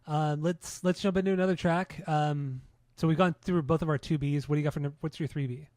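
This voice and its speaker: A man's voice: on the high side, steady tone, a little fast, darkish tone, dry recording, clean studio sound. A man co-hosting a podcast, earnest and opinionated, with the odd curse word. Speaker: podcast co-host. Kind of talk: casual podcast chat.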